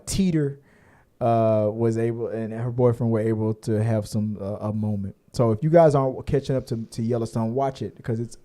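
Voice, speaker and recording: Picture a man co-hosting a podcast with a warm, mellow tone. He rambles loosely through casual chat at an everyday pitch, joking and dropping swear words as he goes. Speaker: podcast co-host.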